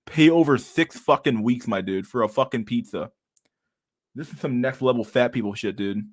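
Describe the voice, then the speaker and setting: Here a livestream host with a mid-range voice speaks at normal speed. He chats casually with his audience, drifting from point to point with plenty of swearing and frequent bursts of mock-outraged laughter.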